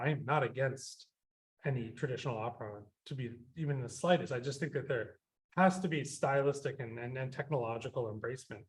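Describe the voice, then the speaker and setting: A man, a composer, talking in a radio interview, rambling with many fillers and restarts and getting animated when he quotes himself. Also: mid-range voice, brisk.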